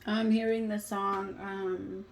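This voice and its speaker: A woman in her thirties reads tarot cards in a loose, chatty way, and her voice sits at an ordinary middle pitch. She gets emotional as she talks and swears now and then without any edge. A faint noise hums under the recording. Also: flat delivery, slow pace, creaky. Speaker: tarot reader. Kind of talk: casual tarot reading.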